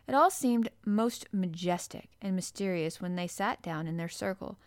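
Woman reading a kids' storybook, lowish voice, dry close recording. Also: normal speed, no echo. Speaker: audiobook narrator. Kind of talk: storybook narration.

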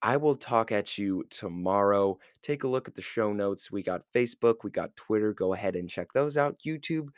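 A low-voiced man hosts a podcast and recaps an episode in a loose, rambling way. He leans on filler words as he talks. The sound is dry and close to the mic. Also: animated, normal speed, hardly any pauses, no echo. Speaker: podcast host.

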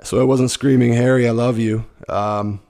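A middle-aged man with a rough, gravelly voice, hoarse from a cold. He hosts a podcast at a studio mic and rambles in a loose, stream-of-consciousness way. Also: mid-range voice, steady tone, moderate pace, warm tone. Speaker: podcast host. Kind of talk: casual solo podcast chat.

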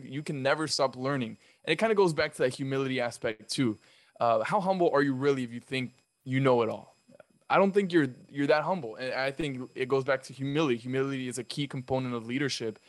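A man's voice: mid-range voice, fairly quick. A man on a podcast, talking earnestly and giving advice. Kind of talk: casual podcast chat.

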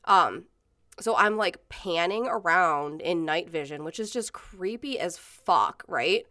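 A woman's voice: on the low side, animated, slow pace, background noise. A woman in her thirties telling stories in casual chat, rambling with many fillers and swearing freely. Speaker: podcast co-host.

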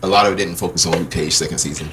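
Niski męski głos z jasnym połyskiem, luźna rozmowa przy lekkim szumie. Żartobliwy, wyluzowany ton. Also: male voice, sits low, steady tone, racing, noisy background. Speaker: podcast co-host. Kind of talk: casual chat. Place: kitchen.

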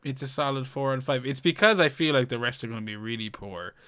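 A man's voice: mid-range voice, fast, fairly bright tone, no room sound. A man hosting a casual podcast, teasing his guest and scoring his efforts like a quiz. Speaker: podcast host. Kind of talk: casual chat.

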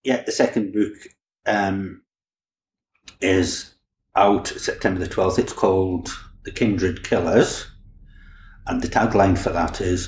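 A man's voice: low voice, steady tone, takes it slowly, pauses often, a little hiss or hum. A man, a crime novelist, chatting easily in a podcast interview and often restarting his words. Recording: roomy echo, faint background ambience.

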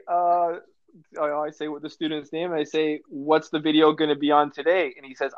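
A man, a teacher, telling a story in relaxed, amused casual chat. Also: a little high, dry recording. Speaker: teacher and podcast co-host. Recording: dull lo-fi dry sound.

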